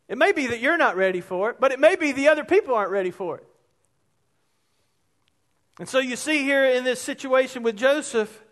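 A man's voice: high voice, fairly bright tone. A male pastor preaching a sermon in a conversational, emphatic way, weaving in personal stories.

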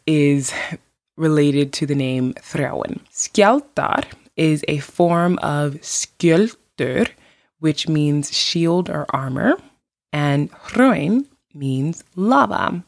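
A chatty woman hosts a podcast, rambling easily with "like" and "you know" between thoughts. Her voice sits low for a woman. The recording is close and dry, with no room sound. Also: creaky, no room sound. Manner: chatty, frequent "like" and "you know", laughs lightly. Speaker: podcast host. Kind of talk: casual podcast monologue. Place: lives in Iceland.

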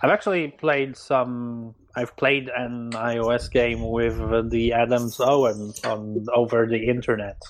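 A man on a casual podcast, talking about games in a relaxed, rambling way. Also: mid-range voice, unhurried, hardly any pauses, rough recording.

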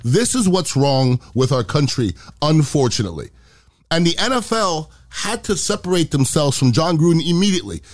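A man's voice: fairly high pitch, big pitch swings, normal speed, no echo, clean studio sound. A middle-aged man hosting a podcast, giving a blunt, impassioned opinion monologue. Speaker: podcast host.

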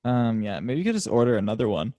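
A man's voice: medium pitch, big pitch swings, fast, mellow, dry recording. Playful young man co-hosting a podcast. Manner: playful, chatty. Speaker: podcast co-host. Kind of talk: casual podcast chat.

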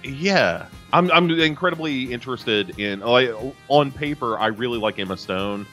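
A man's voice: medium pitch, expressive, normal speed, bright, forceful tone, soft background music. A man chatting casually on a podcast, rambling with lots of fillers. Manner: rambling, full of fillers and restarts. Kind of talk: casual chat.

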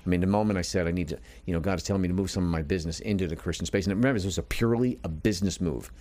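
A middle-aged man with a very low, deep voice talks quickly and earnestly. He tells his story with animation and acts out the lines of the people he quotes, like a seasoned motivational speaker. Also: darkish tone. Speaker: guest, motivational speaker and business coach. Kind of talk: conversational storytelling.

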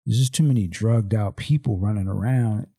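A Seattle, Washington man co-hosts a podcast, telling stories in casual, slangy conversation and acting out the dialogue. His voice sits on the low side, dark with a breathy edge, at a moderate pace.

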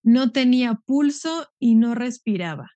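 Woman slowly reading model phrases. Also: a little high, animated, warm tone, no echo. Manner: slow, deliberate phrase reading.

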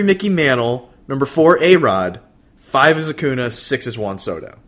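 A man co-hosting a podcast, talking baseball in a relaxed, chatty way with plenty of fillers and restarts. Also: lowish voice. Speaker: podcast co-host. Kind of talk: casual baseball chat.

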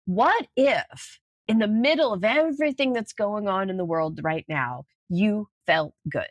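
A middle-aged woman speaking as a podcast guest in casual conversation, animated and storytelling. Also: medium pitch, measured pace, no room sound. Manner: animated storyteller, acts out voices in anecdotes. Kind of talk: casual interview chat.

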